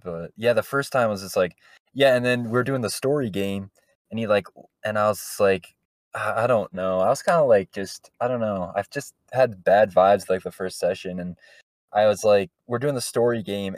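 A man's voice: on the low side, no echo. A man co-hosting a podcast, telling a rambling story in casual chat, full of fillers. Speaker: podcast co-host. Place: podcast studio.

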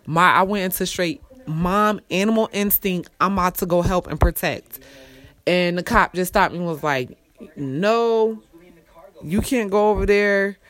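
Young woman, storytime rant, blunt and profane, loud bursts between low grumbles. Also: normal speed. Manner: blunt, heavy swearing, swings from low mutters to loud outbursts. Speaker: storyteller vlogger.

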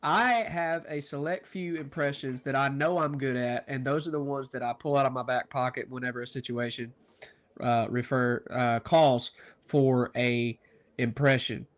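A man's voice: mid-range voice, fairly even intonation, moderate pace. A man co-hosting a podcast in casual chat, upbeat and explaining things at length. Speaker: podcast co-host.

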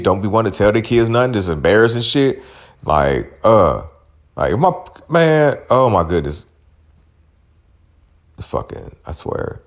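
A man in his forties hosting a podcast, ranting bluntly with plenty of swearing. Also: on the low side. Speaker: podcast host. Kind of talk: casual profane rant.

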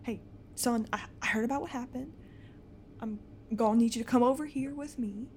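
A woman voicing a weary middle-aged father who quietly, haltingly reassures his son. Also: sits high, creaky, a little hiss or hum, heavily acted. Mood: soothing. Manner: soft, stammering reassurance.

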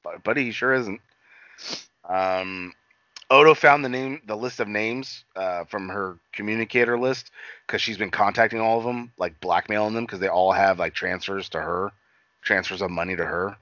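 Rambling, bright-voiced man recapping casually. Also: on the low side, normal speed, no room sound, muffled recording. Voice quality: rambling, lots of fillers and quoted lines, swears often. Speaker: podcast co-host recapping an episode. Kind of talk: casual profane chat.

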